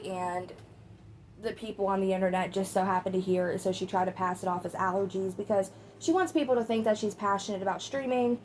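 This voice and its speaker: A woman's voice: medium pitch, moderate pace, darkish tone, slight background noise. A woman hosting a casual commentary video, chatty and opinionated, talking straight to her viewers. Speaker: commentary host.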